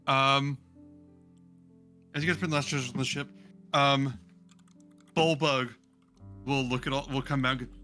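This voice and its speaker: A man narrating as game master in a relaxed, unhurried way, with plenty of fillers. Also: mid-range voice, faint music behind.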